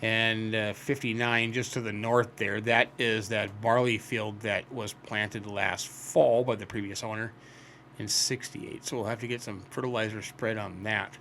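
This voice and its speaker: A man's voice: fairly low pitch, flat delivery, a little slow, sharp tone, slight background noise. A man chatting casually in a folksy, rambling way while he narrates his farming game. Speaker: host. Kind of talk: casual gameplay commentary.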